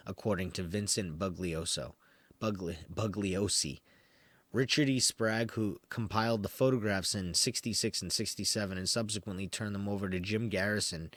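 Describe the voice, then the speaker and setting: A man's voice: fairly low pitch, no room sound. A man hosting a podcast, reading from an article and breaking off into rambling, wry asides with lots of fillers and laughs. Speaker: podcast host. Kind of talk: casual commentary while reading from an article.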